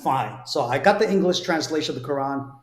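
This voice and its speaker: Animated and fairly quick, this slightly high-voiced guest from New Jersey describes his conversion in an earnest, conversational way. He often repeats words as he starts over, and the space adds a roomy echo.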